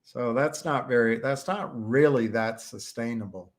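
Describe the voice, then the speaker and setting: A man from the United States, hosting a livestream and talking casually in a slow, rambling way, with many fillers and restarts. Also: mid-range voice. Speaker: livestream host.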